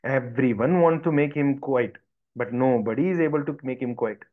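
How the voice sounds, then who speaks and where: A man's voice: mid-range voice, moderate pace. A man, teaching by storytelling in a devotional lesson and acting out the voices of villagers. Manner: animated, acts out voices of villagers. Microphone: video call. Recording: dull lo-fi video call audio.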